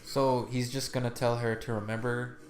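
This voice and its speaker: A man's voice: mid-range voice, little pitch movement, normal speed, faint music behind. A man co-hosting a movie commentary podcast, talking in a casual, musing way with stumbling restarts. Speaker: podcast co-host. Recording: roomy room sound, faint noise.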